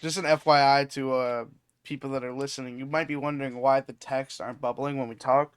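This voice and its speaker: A man's voice: mid-range voice, little pitch movement, fairly quick, clean tone, dry recording, clean studio sound. A man co-hosting a film podcast, laughing often and teasing the others in casual chat over a remote call. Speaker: podcast co-host.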